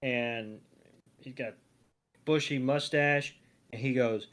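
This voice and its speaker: A man's voice: mid-range voice, fairly even intonation, slow, fairly bright tone. A man co-hosting a podcast, chatting casually through a cartoon episode with fillers and asides. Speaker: podcast co-host.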